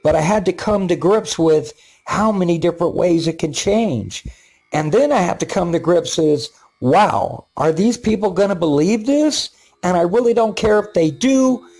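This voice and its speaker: In a high voice with a darkish tone, the older man behind the paranormal videos rambles over his own footage in a casual vlog. He speaks haltingly, full of fillers and repeated words.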